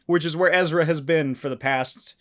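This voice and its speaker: A man hosting a solo podcast, talking casually and excitedly, with frequent swearing and animated rants. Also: fairly high pitch, normal speed. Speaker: podcast host.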